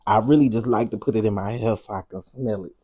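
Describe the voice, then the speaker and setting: A man's voice: lowish voice, fast, mellow, husky. A man hosting a livestream, giving sassy, teasing live commentary with laughing asides. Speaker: livestream host.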